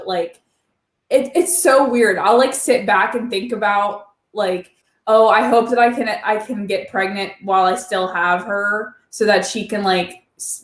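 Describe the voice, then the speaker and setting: Chatty woman in an echoey room. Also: medium pitch. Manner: chatty, filler-heavy, laughs easily. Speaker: channel host. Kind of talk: casual chat.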